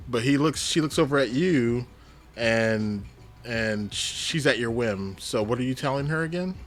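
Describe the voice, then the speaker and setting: A man's voice: medium pitch, measured pace, soft background music. A man acting as game master, narrating a tabletop game to the players with chuckling asides. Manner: addresses players in second person, chuckling asides.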